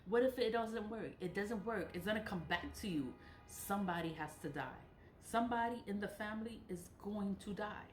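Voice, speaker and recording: A woman's voice: medium pitch, echoey room, a little hiss or hum. A woman talking straight to her viewers in a casual monologue, repeating her warnings with emphasis, swearing freely and laughing between points. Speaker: nonprofit director giving spiritual warnings. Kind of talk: casual spoken monologue to camera.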